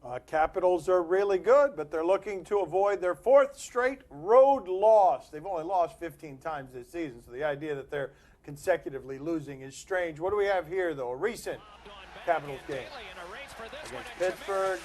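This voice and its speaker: A man's voice: on the high side, normal speed, a little mellow. A man hosting a sports talk show, running the segments with dry, wry remarks. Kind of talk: hosting studio banter.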